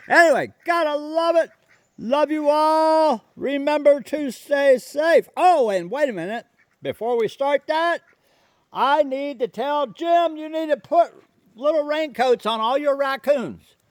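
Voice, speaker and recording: A man chatting casually to his viewers and coaxing his pet goose along in a gentle way. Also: very high-pitched, expressive, takes it slowly, no echo. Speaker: vlogger and pet goose owner. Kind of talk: casual chat to camera and pets.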